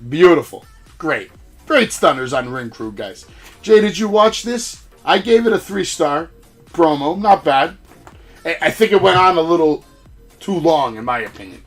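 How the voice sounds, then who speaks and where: A man hosting a wrestling podcast, recapping matches in casual, excitable talk full of swearing and acted-out quotes. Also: on the high side, moderate pace, soft background music. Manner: profane, excitable, acts out quotes.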